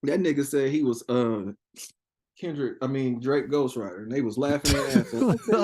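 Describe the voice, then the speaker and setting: A young man telling a story in a casual interview, profane and animated, laughing often and acting out quotes. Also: medium pitch, moderate pace. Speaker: interview guest.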